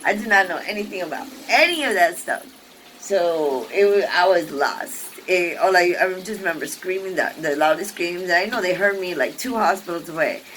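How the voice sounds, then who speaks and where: A woman's voice: on the low side, normal speed, slight background noise, poor audio. Rambling woman telling a personal story. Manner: rambling, many fillers and restarts; lively, acts out quoted people. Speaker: vlogger.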